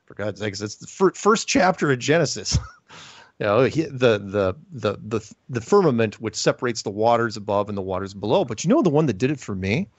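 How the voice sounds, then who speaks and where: A man's voice: fairly low pitch, lively intonation, a little fast, no echo. A middle-aged man hosting a casual chat, rambling with lots of restarts. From United States. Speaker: podcast host. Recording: dull lo-fi sound.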